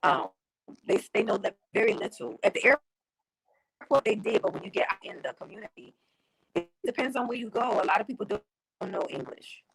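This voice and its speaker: A woman being interviewed over a video call, telling her story in an emotional, halting way with many restarts. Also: medium pitch, expressive, creaky, fairly bright tone, breathy edge, poor audio. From United States. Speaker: interview guest. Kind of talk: casual remote interview.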